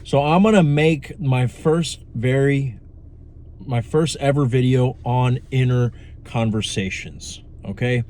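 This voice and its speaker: A young manifestation coach talks casually to the camera in a slow, medium-pitched voice with a darkish tone. His monologue on manifestation is blunt, profane and rambling, full of asides.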